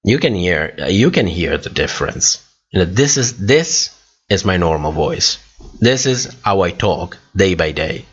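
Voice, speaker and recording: A man's voice: deep voice, lively intonation, measured pace, breathy edge. A man hosting a casual livestream and reading comments, his voice worn out and tired, rambling with many fillers and restarts. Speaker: livestream host. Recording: dull lo-fi stream audio.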